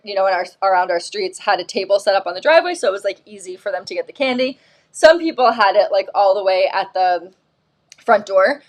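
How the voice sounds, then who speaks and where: A woman in her thirties hosting a live shopping stream, telling stories in a casual, animated way with lots of fillers. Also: mid-range voice. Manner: animated storyteller, acts out quotes, lots of "like" and "um". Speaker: host of a live shopping show.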